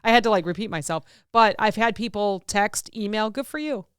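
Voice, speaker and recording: A woman hosting a casual podcast chat, animated and acting out quoted lines. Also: medium pitch, brisk, clear, resonant tone, no echo, studio quality. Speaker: podcast host.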